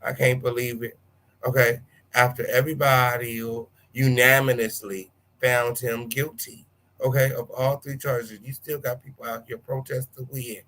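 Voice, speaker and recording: A man hosting a live-stream gossip show, calling out viewers with sassy, flamboyant shout-outs and big swoops in pitch. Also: flat delivery, normal speed. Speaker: livestream host.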